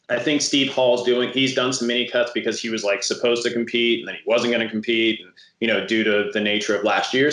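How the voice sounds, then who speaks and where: A man's voice: medium pitch, fairly bright tone. A man coaching on a podcast, hesitant and full of restarts. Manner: hesitant, lots of ums and restarts. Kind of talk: casual podcast chat. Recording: echoey room.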